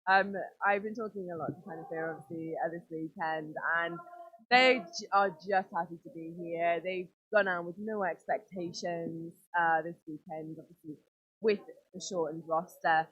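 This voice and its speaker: A woman's voice: on the low side, steady tone, moderate pace, husky, dull audio. A woman with a Geordie accent from Newcastle, giving chatty, playful roller derby commentary. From Newcastle, England. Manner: chatty and playful, laughs often. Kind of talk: live sports commentary.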